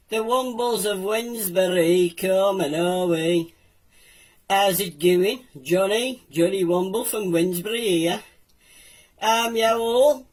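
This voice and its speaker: A man's voice: high voice, pitched above the performer's own voice. A man voicing a chatty, nostalgic male Womble from Wednesbury, rambling in a Black Country accent and putting questions to the viewers. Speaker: segment presenter.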